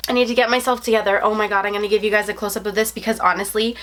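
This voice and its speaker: Young woman vlogger, fairly high voice, effusive and breathless, faint hiss behind. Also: steady tone, fast talker, fairly bright tone. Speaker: unboxing vlogger. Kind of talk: excited unboxing vlog.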